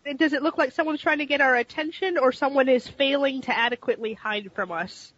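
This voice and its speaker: A high-voiced woman joins a tabletop game as a player, playful and quick to giggle. Her audio sounds dull and lo-fi. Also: a bit bright.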